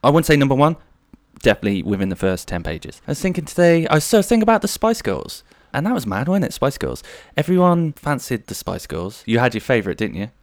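A man's voice: medium pitch, huge pitch swings, fast, dry recording, studio quality. A man in his thirties hosting a podcast solo, rambling through jokey anecdotes. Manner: rambling, jokey, slips into silly voices. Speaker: podcast host.

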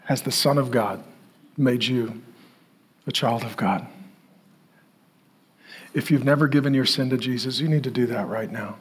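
Husky emphatic male preacher. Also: medium pitch. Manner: emphatic, repetitive, with dramatic pauses. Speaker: pastor. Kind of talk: sermon.

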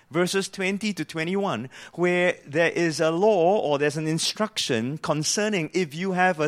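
Male preacher, high voice, earnest explanatory sermon delivery. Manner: earnest, explanatory, asks the listeners questions.

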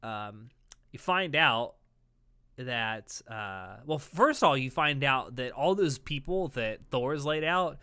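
A man's voice: medium pitch, animated, slow, pushed and bright, smooth, no echo. A man co-hosting a casual podcast, animatedly recapping an episode and swearing freely as he acts out quoted lines. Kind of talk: casual chat.

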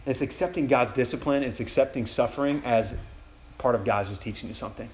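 Young male campus preacher, quick and casual, echoey room with faint background hum. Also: mid-range voice. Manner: casual, enthusiastic, talks in quoted inner prayers. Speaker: campus ministry speaker. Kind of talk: retreat sermon.

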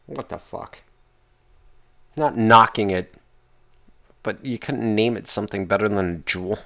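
A man's voice: expressive, unhurried, vocal fry, pauses often, a bit bright. Profane, exasperated man ranting on his podcast. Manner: pitch jumps up when worked up. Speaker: podcast host. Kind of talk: casual solo podcast rant.

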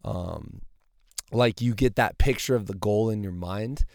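A male podcast host with a gravelly early-morning voice, chatting casually in a rambling, enthusiastic way from inside a parked car. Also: lowish voice, measured pace, darkish tone, no room sound, clean studio sound. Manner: rambling, enthusiastic, many fillers. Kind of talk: casual solo podcast outro.

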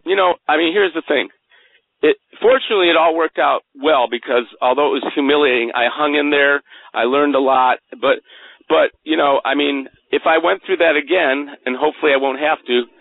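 A man telling a personal story as a guest in an interview, earnest and animated, often stumbling over repeated words, heard over a tinny phone line. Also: a little high, moderate pace, vocal fry, no room sound. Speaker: guest author.

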